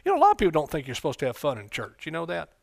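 A man preaching a folksy sermon in church, breaking into loud excited bursts. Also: on the high side, very fast, creaky, no echo, studio quality. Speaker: pastor.

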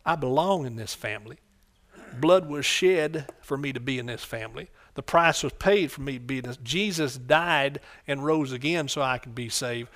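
A middle-aged man preaching a fervent sermon, calling out for amens and swinging between soft asides and loud bursts. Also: mid-range voice, moderate pace.

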